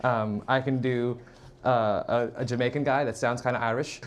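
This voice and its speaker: A man's voice: medium pitch, steady tone, moderate pace, over music. A man competing as a comedian on a comedy panel show, self-deprecating and playful. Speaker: comedian contestant.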